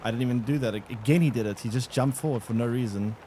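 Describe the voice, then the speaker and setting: A man's voice: medium pitch, fast talker, noisy background. A man streaming a game live, rambling and thinking aloud to his chat with many restarts. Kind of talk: live gameplay commentary to chat.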